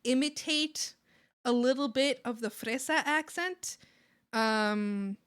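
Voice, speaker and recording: A woman's voice: a little high, slow pace, fairly bright tone, smooth, no room sound, studio quality. A Canadian woman from the Maritimes chatting casually on a live art stream, bubbly and giggly, rambling with lots of fillers.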